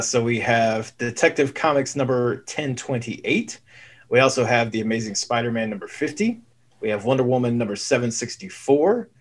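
A man on a podcast panel reading a list of titles in a steady, even delivery. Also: mid-range voice.

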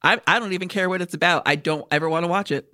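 A woman co-hosting a podcast in casual chat, who talks fast, goes off on tangents and swears. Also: on the low side, bright, forceful tone, dry recording, studio quality. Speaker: podcast co-host.

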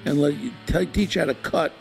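A man's voice: fairly high pitch, moderate pace, gravelly, over music. A brash, joking man with a New York accent hosting a podcast in casual chat. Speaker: podcast host.

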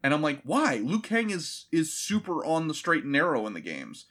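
A man's voice: fairly high pitch, big pitch swings, moderate pace, fairly bright tone. A man in casual movie-review chat, sarcastic and profane, mockingly acting out characters. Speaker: podcast co-host.

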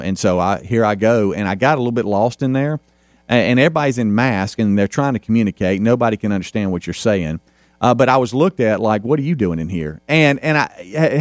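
A man's voice: medium pitch, no room sound, studio quality. A middle-aged man hosting a casual talk radio show, rambling with lots of fillers and restarts.

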